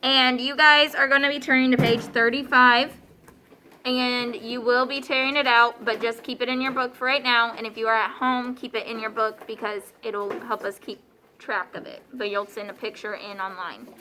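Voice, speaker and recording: Woman teacher, high and bright, patient classroom instruction with frequent check-ins. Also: fairly even intonation, moderate pace, slight background noise. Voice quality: clear, patient, questioning students often.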